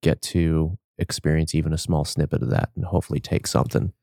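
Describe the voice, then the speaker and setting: A man's voice: rumbling low, little pitch movement, quick pace, warm tone, no room sound, studio quality. A man hosting a podcast interview, talking in an earnest, grateful, casual way. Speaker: podcast host. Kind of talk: conversational interview.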